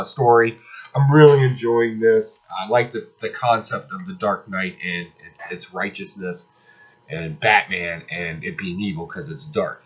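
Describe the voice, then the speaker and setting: Husky, sarcastic man reviewing comics. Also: fairly low pitch. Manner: sarcastic, exasperated ranting. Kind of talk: casual comic review monologue. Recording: slightly dull lo-fi audio.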